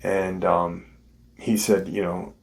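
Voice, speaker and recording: A man's voice: sits low, flat delivery, takes it slowly, vocal fry. A man hosting his show, casually retelling a witness's story in a conversational way. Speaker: host.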